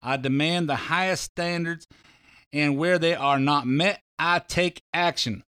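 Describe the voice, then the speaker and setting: Man impersonating an older Southern official, Southern US accent, slow drawl, formal statement, somewhat higher than his own voice. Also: bright, forceful tone, clear, resonant tone, no echo, clean studio sound.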